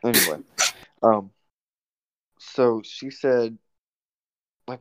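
A man's voice: fairly low pitch, moderate pace, a little mellow, no echo. A young man hosting a podcast, telling a rambling, profane story in a laid-back way. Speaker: podcast host. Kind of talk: casual storytelling. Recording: dull, dry lo-fi recording.

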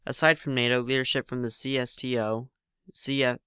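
A man's voice: medium pitch, little pitch movement, a little fast, sharp tone, clean tone, dry recording, clean studio sound. A man narrating a story aloud in a plain reading voice, with frequent slips and restarts.

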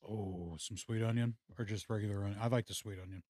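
Chill guy hosting a beer podcast, lowish voice, cusses a lot, dry room. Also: steady tone, quick pace, darkish tone, dry recording. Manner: swearing, laid-back banter. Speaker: podcast host. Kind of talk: casual chat. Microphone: studio mic.

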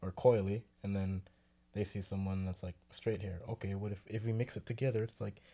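A laid-back young man in casual conversation, working through his points with plenty of fillers and restarts. His voice sits on the low side. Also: little pitch movement, brisk, warm tone. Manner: laid-back, explains at length with many fillers. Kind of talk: casual chat.

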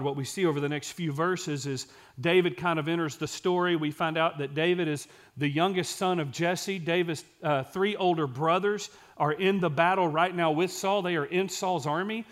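A man preaching a sermon who reads scripture aloud and pauses to explain it, sometimes dropping to a quiet, intense voice for emphasis. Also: fairly high pitch.

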